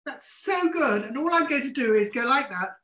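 Brief: woman chef, high bright voice, bubbly and instructive, echoey kitchen on a video call. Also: animated, fairly quick. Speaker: chef and co-host. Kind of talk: live cooking demonstration over video call. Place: home kitchen.

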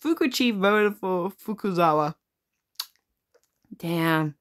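Swearing woman gamer, fairly low voice. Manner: swears often, reads on-screen text aloud with quick reactions. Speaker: gaming video creator. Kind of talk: casual let's-play commentary.

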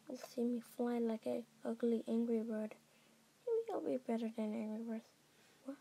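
Brief: a woman with a high, soft, dark voice, improvising halting lines for every character in a homemade stop-motion film. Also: vocal fry, breathy edge, poor audio. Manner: halting and improvised, with many restarts. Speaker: maker voicing all characters.

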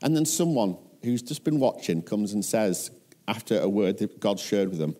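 A man with an English accent preaching a sermon, telling the scripture story in lively voices. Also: fairly low pitch, normal speed. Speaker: pastor.

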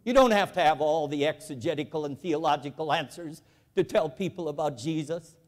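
A man with a high, lifted voice gives an evangelical convention address in a large auditorium. He tells folksy stories and makes emphatic calls to his audience. The long reverb of the hall trails after his words. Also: a little fast. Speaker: convention speaker, former bank president.

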